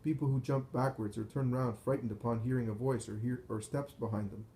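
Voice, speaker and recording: A man reading a first-person visionary account in a measured, solemn way. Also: medium pitch, fairly even intonation, mellow, a little hiss or hum, rough recording. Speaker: narrator. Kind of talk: scripted first-person narration of a visionary text.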